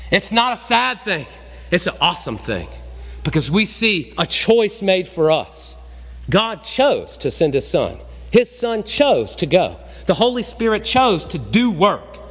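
A man preaches from the pulpit, his tone high and sweeping up and down. He presses his points hard, then drops to a hush. His voice rings out with the long reverb of a church sanctuary. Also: breathy edge. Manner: emphatic, swinging between raised and hushed delivery. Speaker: pastor. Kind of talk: sermon.

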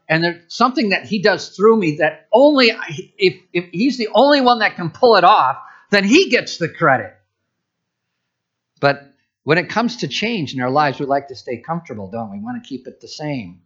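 Bright-voiced pastor preaching conversationally. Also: male voice, sits high, expressive, moderate pace, highs cut off. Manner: conversational, with asides and restarts. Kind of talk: sermon.

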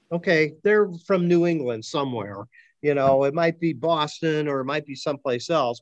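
A man's voice: on the high side, normal speed, no room sound. A man with a Midwestern accent, leading a discussion-style lesson, thinking aloud with many ums and uhs. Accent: Midwestern American. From Akron, Ohio. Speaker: class leader.

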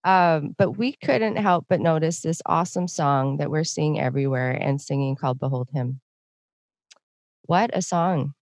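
A woman's voice: low-pitched, normal speed, a little mellow, no echo, clean studio sound. A woman hosting a casual podcast interview, chatty and laughing often. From Canada. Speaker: podcast host.

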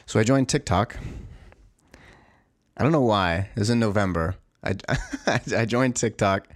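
A man's voice: fairly low pitch, a little slow, no echo, clean studio sound. A man in a profane, exasperated, rambling rant, full of restarts and asides. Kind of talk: ranting monologue.

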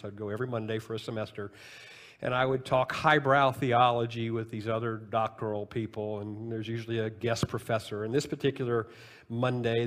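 A man in his sixties preaching a sermon, talking with the congregation in a conversational way and swinging between loud, high emphasis and quiet, low asides. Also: in a large hall. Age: 60s. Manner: conversational preaching with wide swings in pitch and loudness. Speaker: pastor.

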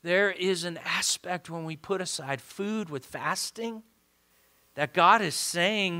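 A man preaching a sermon in a bright, ringing voice pitched a little high. He speaks slowly and deliberately, rising to fervent calls and then dropping to hushed, pleading tones, often repeating words when he is stirred. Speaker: pastor.

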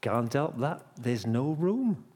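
A man voicing a sullen boy playing an innkeeper in a nativity, giving flat, curt refusals. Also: mid-range voice, slow, husky, exaggerated voice. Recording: long church reverb.

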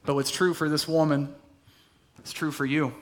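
A male pastor preaching a conversational sermon in a church, dropping to soft, intense tones for emphasis. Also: a little high, little pitch movement, moderate pace. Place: church hall.

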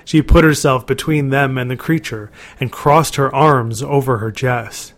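A man narrating a dark storybook in a measured, dramatic reading. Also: medium pitch.

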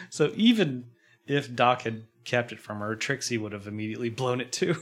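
A man's voice: mid-range voice, normal speed, fairly bright tone. A man casually recapping a TV episode, laughing often and acting out quotes. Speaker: podcast host.

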